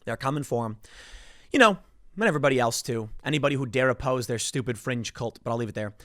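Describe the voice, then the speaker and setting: A man's voice: mid-range voice, fast talker, dry recording, studio quality. A man in his thirties giving solo political commentary, talking animatedly and acting out the people he quotes. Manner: animated, acts out quoted voices.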